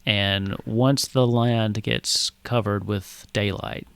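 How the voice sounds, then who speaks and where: A man's voice: lowish voice, steady tone, slow, creaky, a bit bright, clear, resonant tone, dry recording. A man narrating as game master of a tabletop game, loose and full of fillers.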